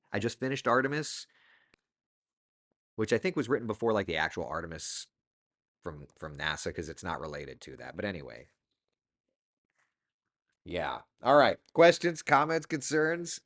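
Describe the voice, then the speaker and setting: Chatty man with a lively pitch. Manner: chatty, reads viewer comments aloud. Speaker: host. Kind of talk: casual live-stream chat.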